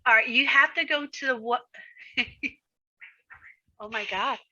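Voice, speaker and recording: An American woman from Arizona co-hosting a casual online chat, excitable and often laughing. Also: on the high side, a little slow. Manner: giggly, excitable. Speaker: co-host. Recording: dull lo-fi audio.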